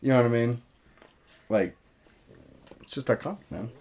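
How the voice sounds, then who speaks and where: A man's voice: medium pitch, normal speed, a little mellow. Rambling male podcast co-host. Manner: rambling, filler-heavy, swears. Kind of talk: casual podcast chat. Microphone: podcast mic.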